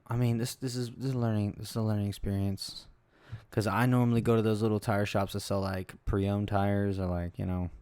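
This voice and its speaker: A man's voice: lowish voice, a little mellow, no echo. A young adult man hosting a podcast, rambling through stories in a loose, profane, casual way. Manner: rambling, profane, laid-back storytelling. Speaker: podcast host. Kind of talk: casual solo podcast chat.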